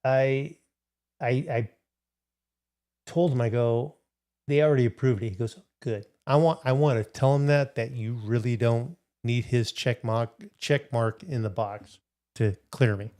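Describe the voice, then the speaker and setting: A man's voice: medium pitch, unhurried, mellow. A middle-aged man hosting a casual livestream, rambling through a story and answering viewers in the chat. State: recovering from hip replacement. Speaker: livestream host.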